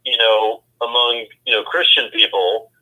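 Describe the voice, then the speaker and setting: A man's voice: medium pitch, fairly even intonation, unhurried, bright, forceful tone. A man co-hosting a casual podcast chat, rambling and hesitant, full of fillers. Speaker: co-host. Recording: tinny phone line.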